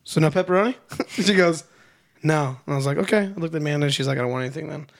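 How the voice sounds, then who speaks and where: A young man in casual chat, telling a story in a lively way, acting out the dialogue and swearing freely. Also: fairly high pitch, very fast, gravelly.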